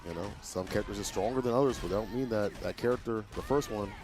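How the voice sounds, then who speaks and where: A man co-hosting a fighting game watch party in a laid-back, slangy way, with animated reactions. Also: lowish voice, fast talker. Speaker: co-host commentator. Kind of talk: casual fighting game co-commentary. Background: music.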